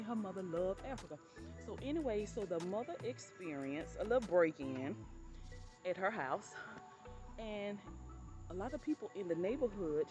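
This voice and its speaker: A woman vlogger telling stories in a casual, chatty way, often calling her listeners "honey" and playing up quoted exclamations. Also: medium pitch. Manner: acts out quoted exclamations with laughter. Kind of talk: casual storytelling.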